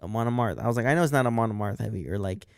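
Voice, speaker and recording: Man, podcast co-host, casual rambling story, crisp voice, dry close mic. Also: lowish voice, lively intonation, rapid-fire, no room sound. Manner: rambling, profane, acts out quotes.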